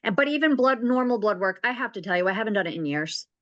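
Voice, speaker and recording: A woman's voice: mid-range voice, lively intonation, quick pace, a bit bright, no echo. Female participant, candid, hesitant, muffled and dry. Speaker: workshop participant. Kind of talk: casual chat.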